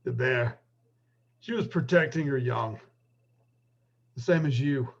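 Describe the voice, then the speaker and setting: Man playing a calm wounded orc. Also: medium pitch, slow pace, gravelly, lo-fi sound.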